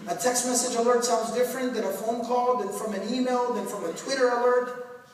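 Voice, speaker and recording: A man's voice: very high-pitched, steady tone, a little fast. A man giving a mosque talk in a conversational, humorous way, asking the audience questions. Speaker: preacher. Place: mosque hall. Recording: echoey hall from far off, faint noise.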